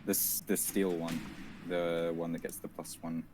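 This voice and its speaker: A man's voice: low-pitched, flat delivery, normal speed. A man playing in a tabletop game over an online call, describing his moves hesitantly with many fillers. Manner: hesitant, full of ums and likes. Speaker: player. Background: background music.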